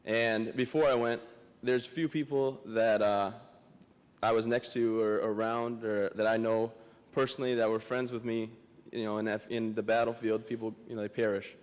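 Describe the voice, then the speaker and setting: A young man giving a memorial speech as a guest speaker, joking and self-deprecating, halting and emotional, close to tears. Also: lowish voice, steady tone, smooth. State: emotional, teary. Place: large memorial hall. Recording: long hall reverb.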